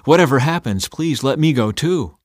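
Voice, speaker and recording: A man reads scripture aloud, voicing an eager young messenger who pleads to be sent. His medium-pitched, expressive voice, at a moderate pace, is raised above his own natural pitch yet stays close to everyday speech. The recording is dry and studio quality.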